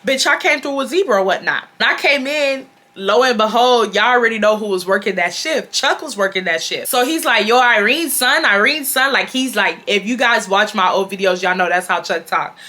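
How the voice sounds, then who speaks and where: A woman, telling a casual storytime in a chatty, filler-heavy, animated way. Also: mid-range voice, fairly quick, hardly any pauses. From Houston, Texas. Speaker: YouTuber.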